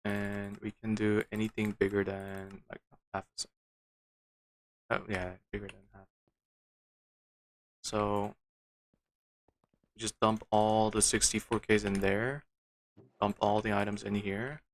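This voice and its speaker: A man's voice: fairly low pitch, monotone, takes it slowly, long pauses. A man streaming a game, muttering to himself with frustrated, disbelieving outbursts. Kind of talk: casual gameplay commentary.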